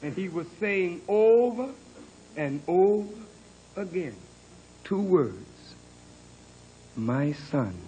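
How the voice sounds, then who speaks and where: Preaching at a leisurely pace, this high-voiced minister sounds animated and husky. His story swings dramatically from quiet, low stretches to forceful climaxes while he earnestly stresses that he is being honest, all on a low-quality recording.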